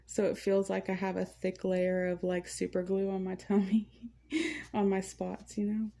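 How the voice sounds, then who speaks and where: A woman vlogger chatting at home in a relaxed, rambling way, full of fillers, while she paints. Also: mid-range voice, unhurried, creaky. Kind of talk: casual chat. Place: at home, indoors.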